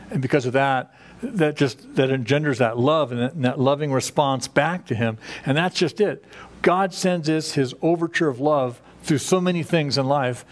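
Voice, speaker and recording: A man preaching an earnest, unscripted sermon as pastor, with a voice of middling pitch. He lifts his voice to stress key phrases and drops back to a plain, conversational tone, with small fillers and restarts along the way.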